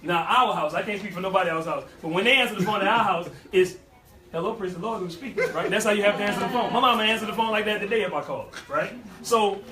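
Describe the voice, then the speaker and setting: At a youth life-skills session, a high-pitched New man gives a motivational talk with a lively, folksy preaching flavor. He's animated and quick, barely pausing, and tosses in vernacular asides and repetitions. The recording is distant and echoey.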